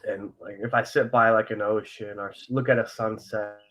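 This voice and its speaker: Young male podcast co-host, low voice, candid, rambling, filler-heavy. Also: fairly even intonation, moderate pace, fairly bright tone. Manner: earnest and open about feelings. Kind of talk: casual podcast chat.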